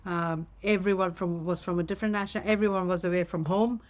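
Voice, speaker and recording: A woman's voice: lowish voice, steady tone, fairly quick. A middle-aged woman from India, a mum raising children abroad, chatting earnestly and reflectively as a podcast co-host. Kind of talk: casual chat.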